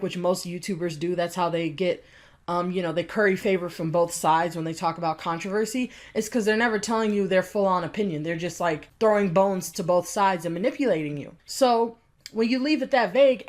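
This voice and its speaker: A woman's voice: medium pitch, a little fast. A woman giving indignant, sarcastic reaction commentary, swinging between mocking and scolding. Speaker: commentary YouTuber.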